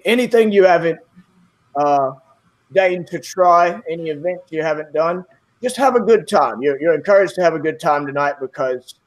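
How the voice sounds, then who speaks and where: A man narrating as game master of a tabletop game, rambling with many fillers. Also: a little high.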